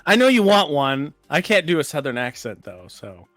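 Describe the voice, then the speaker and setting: A man's voice: a little high, very animated, moderate pace, a bit bright, no echo, faint music behind. A man co-hosting a casual podcast, teasing his partner while running the timer of a quiz game. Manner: teasing, runs the timer like a quizmaster. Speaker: co-host.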